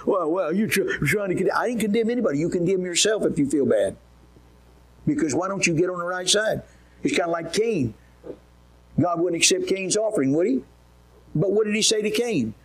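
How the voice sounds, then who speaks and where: A husky-voiced man preaches a sermon, somewhat high for a man. He talks in a folksy, emphatic way and keeps firing questions at his listeners. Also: low-quality recording.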